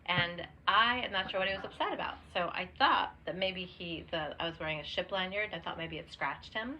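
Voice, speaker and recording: A woman's voice: on the low side, brisk, pushed and bright. A young adult woman co-hosting a podcast in casual chat, with lots of "like"s and restarts. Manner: talks with many "like"s and restarts. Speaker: podcast co-host. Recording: dull lo-fi sound with faint noise.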